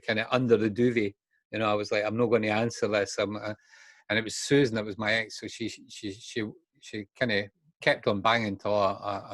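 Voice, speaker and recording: A man's voice: fairly low pitch, a bit bright, no echo. An older Scottish man telling his own story in a frank, unguarded way. He slips into the voices of the people he remembers as he goes. The recording is dry and close. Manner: frank, acts out remembered dialogue. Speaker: guest speaker in recovery. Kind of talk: candid personal storytelling.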